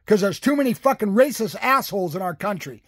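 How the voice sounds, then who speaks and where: An enraged man in his sixties rants and swears without letup, his voice high and husky. The sound is dry and close, with no room around it. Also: lively intonation, brisk, dry recording. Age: 60s. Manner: furious, shouting, heavy swearing. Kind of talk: angry political rant.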